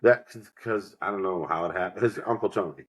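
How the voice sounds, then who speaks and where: A man with a fairly low voice chats casually on a podcast, spinning loose, rambling anecdotes. He drops into quick impressions of the people in his stories, then falls back into an easy, offhand tone. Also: rough recording. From New York. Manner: rambling storyteller, acts out quotes. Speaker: podcast co-host. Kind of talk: casual chat.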